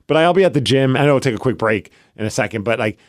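Animated storytelling guy, lively pitch. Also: fast, no room sound, clean studio sound. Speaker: podcast co-host. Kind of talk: casual chat.

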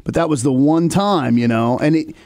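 A man's voice: a little high, moderate pace, darkish tone, no room sound, studio quality. A middle-aged man, a podcast co-host, telling a long story casually, laughing often and acting out the voices in it.

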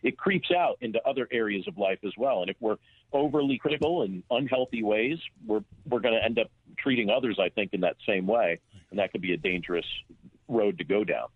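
A man's voice: on the low side, fairly quick, slightly rough, dry recording. A man talking as an author guest in an earnest, reflective way, with small restarts. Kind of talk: phone interview. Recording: tinny phone line.

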